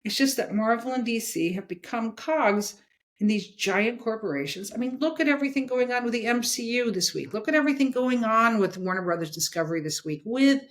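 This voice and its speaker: A woman speaks a little fast in an animated, higher-pitched voice. Guesting in a casual interview as a comics editor, she's blunt and emphatic and keeps checking in with "okay?"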